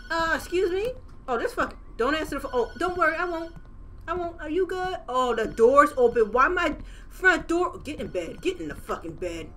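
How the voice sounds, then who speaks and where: Lively, swearing woman gamer. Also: very high voice, a little hiss or hum. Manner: loud, profane, jokey reactions. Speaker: gaming channel host. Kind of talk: horror game commentary.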